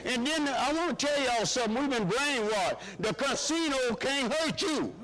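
A man's voice: animated, normal speed, a crowd in the background, poor audio. A man preaching a sermon to his church, calling out questions for the congregation to answer. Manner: call-and-response preaching, rising and dropping pitch.

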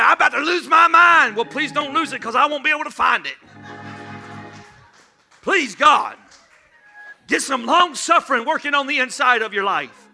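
A male pastor preaching a humorous sermon in church, shouting at times and calling for responses from the congregation. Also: very high-pitched, creaky.

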